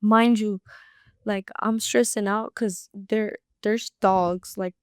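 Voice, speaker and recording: A young woman, a podcast guest, telling a personal story in a rapid, animated way and filling her speech with "like". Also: mid-range voice, clean tone, no room sound, clean studio sound. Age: young adult. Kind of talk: casual storytelling.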